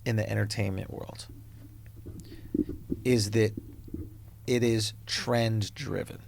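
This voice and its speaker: A man hosting a podcast in casual chat, emphatic and swearing freely, speaking in quick bursts. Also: on the low side, fairly even intonation, creaky. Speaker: podcast host.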